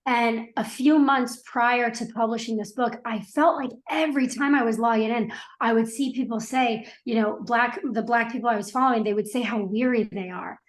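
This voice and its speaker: A woman's voice: fairly high pitch, normal speed, few pauses. A middle-aged woman guest on a podcast, telling her story in an earnest, reflective way with frequent restarts. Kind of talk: casual interview conversation.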